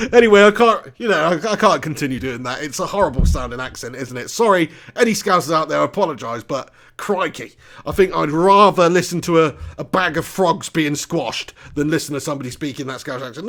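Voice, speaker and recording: A man hosting a live football watch-along, commentating as a fan, excitable and swearing, often laughing at his own jokes. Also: a little high, fairly quick, few pauses.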